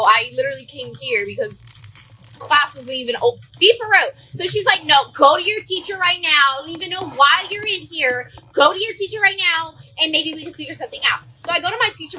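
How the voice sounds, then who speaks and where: A woman's voice: extremely high pitch, sharp tone, a little hiss or hum, poor audio. A young woman casually telling a story to her viewers, animatedly acting out what the people in it said. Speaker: storyteller vlogger.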